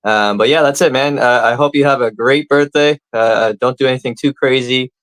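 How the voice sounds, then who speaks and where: A man co-hosting a comedy podcast, giving his thoughts in a relaxed, casual way full of uhs. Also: medium pitch, brisk, no echo. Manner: relaxed, filler-heavy, with many uhs. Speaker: podcast co-host. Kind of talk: casual chat.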